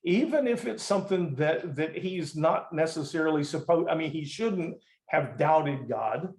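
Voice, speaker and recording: A man's voice: fairly high pitch, lively intonation, measured pace, darkish tone. A man preaching a conversational teaching sermon, emphatic and restarting sentences as he explains. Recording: roomy echo.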